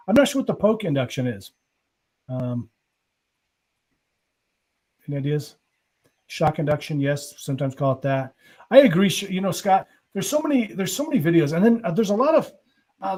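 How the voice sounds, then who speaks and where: A man hosting a live online hypnosis show, thinking aloud and reading viewer questions out over a video call. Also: fairly high pitch. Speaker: host hypnotist. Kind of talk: casual live-stream chat.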